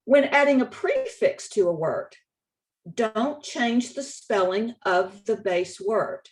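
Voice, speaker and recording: Slow, deliberate woman teaching spelling. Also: a little high, sing-song. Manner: slow, deliberate, stresses key words and rules; repeats points for emphasis, occasional restarts. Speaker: state spelling contest director. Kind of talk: slide-based instructional presentation.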